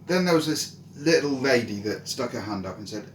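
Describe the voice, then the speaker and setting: A man telling a folk tale in a relaxed, casual way, with many "so he goes" links. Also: medium pitch, moderate pace, few pauses. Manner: relaxed, repetitive "so he goes" narration. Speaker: storyteller and channel host. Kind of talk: casual spoken storytelling. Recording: roomy echo, faint ambient noise.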